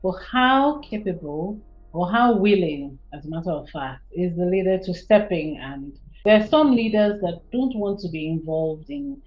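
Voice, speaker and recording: A woman guest on a podcast, explaining her points in a measured, steady way. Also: lowish voice. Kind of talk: conversational podcast interview. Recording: dull lo-fi audio with faint music.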